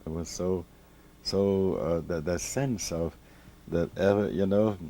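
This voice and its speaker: A rabbi in his seventies, recalling his past in an interview from his home library, speaking slowly and reflectively with many restarts. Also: low-pitched, fairly even intonation, warm tone. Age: 70s. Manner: slow, reflective, with many restarts and repeated words. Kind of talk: reminiscing storytelling in an interview.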